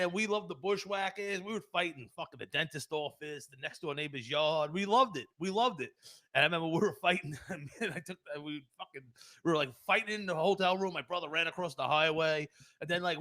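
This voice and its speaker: A man's voice: on the high side, a bit bright. A man, hosting a podcast and telling rambling, profane stories with frequent laughs. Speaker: podcast host. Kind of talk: rambling casual storytelling.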